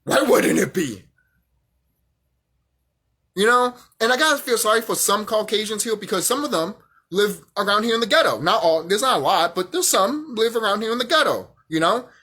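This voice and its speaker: A man's voice: high voice, animated, a little fast, pushed and bright. A young man vlogging a heated, profane rant, often repeating himself. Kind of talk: angry rant monologue.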